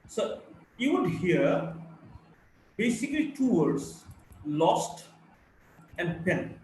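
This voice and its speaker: A man teaching a live online class, who speaks deliberately and demonstrates stress patterns by repeating example sentences aloud. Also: high-pitched, very animated, darkish tone, distant mic. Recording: very echoey room with faint noise.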